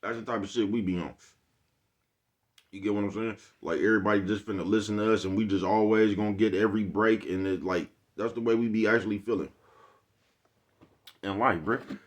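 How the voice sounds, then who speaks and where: A man's voice: fairly low pitch, fairly even intonation, a little fast, pauses often. A man hosting his own vlog, giving a loose, profane motivational monologue full of street slang and repeated check-ins with his listeners. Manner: rambling, profane, streetwise slang, keeps asking "you know what I'm talking about". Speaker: vlogger host.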